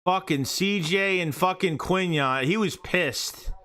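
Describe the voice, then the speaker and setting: Calling a football match live for his stream, a fan curses liberally and gets heated over bad plays, hollering at them. His voice sits high, and he takes his time speaking.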